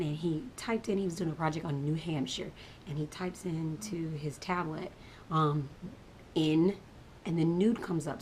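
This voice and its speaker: A mother telling a story about her son in an animated, casual way, dropping to whispers for asides. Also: low voice, slight background noise.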